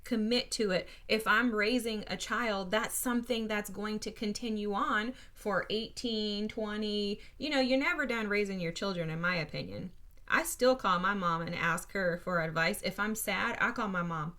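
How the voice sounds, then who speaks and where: A woman's voice: mid-range voice, moderate pace, sharp tone. A woman giving a casual spiritual tarot reading, talking straight to her viewers in an earnest, encouraging way. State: briefly emotional. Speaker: tarot reader.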